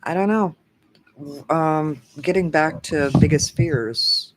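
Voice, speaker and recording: An older man hosting a casual online chat show, with a voice that sits somewhat high for a man. He talks in a loose, rambling way and drifts from one story to the next. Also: takes it slowly. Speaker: host of a livestream chat show.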